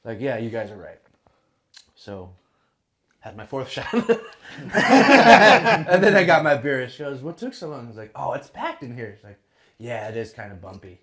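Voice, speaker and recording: A man's voice: lowish voice, animated, moderate pace, long pauses. A young man telling a rowdy, profane story as a guest on a casual podcast, laughing often as he goes. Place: podcast studio.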